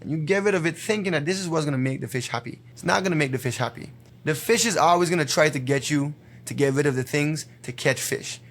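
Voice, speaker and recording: A quick, emphatic man lectures straight to camera about dating. His voice sits a little high for a man, and he hammers his points home with repetition. He talks in a fast stream of blunt advice. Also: a bit bright. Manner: emphatic, repetitive, retells a joke with acted voices. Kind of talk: direct-to-camera advice monologue.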